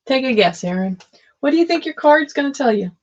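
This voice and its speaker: A woman doing a casual live-streamed tarot reading, playful and quick to laugh between cards. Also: high-pitched, expressive, breathy edge, lo-fi sound. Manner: giggly, playful, often breaks into laughter.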